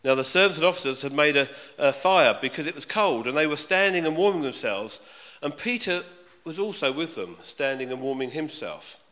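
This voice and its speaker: A man's voice: fairly high pitch, expressive, a little fast, sharp tone. A man preaching a sermon in a chatty way, often asking his congregation questions. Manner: conversational, asks the congregation questions. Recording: reverberant hall.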